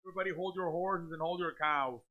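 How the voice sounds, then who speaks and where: A man hosting a live sports reaction stream, scolding chat viewers over and over and calling the plays in a loud, repetitive way. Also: on the high side, fast. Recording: dull lo-fi stream audio.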